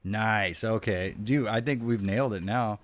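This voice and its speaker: A man's voice: lowish voice, a little slow. A young man streaming a horror game, swearing and trash-talking the enemies as he plays. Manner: profane, excitable, jokey trash talk at the game. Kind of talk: live gameplay commentary.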